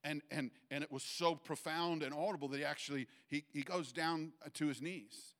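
A man preaching a sermon to a church congregation, halting with fillers and restarts, his voice lifting higher and louder when he presses a point. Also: fairly even intonation. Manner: rises in pitch and force when making a point. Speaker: pastor.

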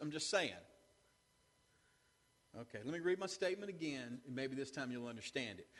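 A male pastor preaches in a high, expressive voice that swings widely in pitch. He peppers his sermon with asides to the congregation. His voice rings out with the long reverb of a church sanctuary. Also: husky. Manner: animated preaching with call-and-response asides.

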